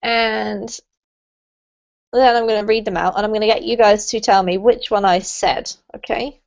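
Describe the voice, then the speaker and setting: Encouraging british teacher on a call. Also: female voice, mid-range voice, fairly even intonation, normal speed. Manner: encouraging, clear and patient. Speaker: English pronunciation teacher. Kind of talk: online group lesson. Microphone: video call. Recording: lo-fi online call audio.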